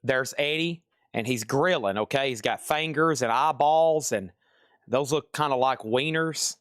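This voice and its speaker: Hosting a live online record sale, a man calls out items, prices and bidders in quick sales patter, sometimes dropping to a soft murmur to calm his dog. His voice is medium-pitched, and the audio is studio quality with no echo.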